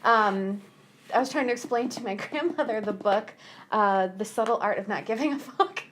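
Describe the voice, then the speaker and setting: A woman's voice: mid-range voice, moderate pace, a bit bright, a little hiss or hum. A woman from the hosting a casual book club podcast, chatty and giggly with lots of fillers. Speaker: podcast host.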